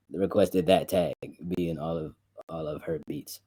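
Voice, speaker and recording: A man's voice: a bass voice, dark tone, husky, no echo. A man who makes beats, casually chatting on his stream about his old producer tags, rambling and restarting his sentences. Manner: rambling, restarts often, laughs while telling stories.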